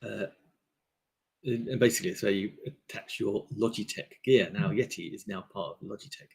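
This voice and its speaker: A man's voice: on the low side, moderate pace, vocal fry, a little mellow, husky. A man hosting a casual live stream, rambling through products with lots of fillers into a desk microphone. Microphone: desk microphone on a table stand.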